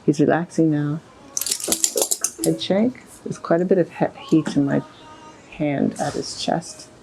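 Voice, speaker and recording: An equine bodywork practitioner with a low-pitched, steady voice narrates a hands-on horse session at an unhurried pace, chatting through each move step by step as she works. She's with a horse in a stable or yard, with background noise and faint music.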